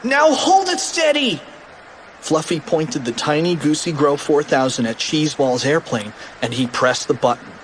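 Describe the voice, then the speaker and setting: A man narrating a children's audiobook in an animated, expressive read. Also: mid-range voice, moderate pace, hardly any pauses, slight background noise.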